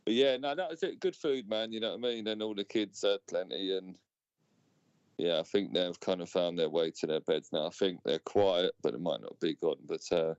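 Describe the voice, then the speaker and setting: A man's voice: deep voice, clear, resonant tone, no echo. A man, chatting casually on a live stream and dropping "mate" between phrases. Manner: laid-back, drawn-out fillers and "mate". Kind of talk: casual chat. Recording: dull, dry home recording.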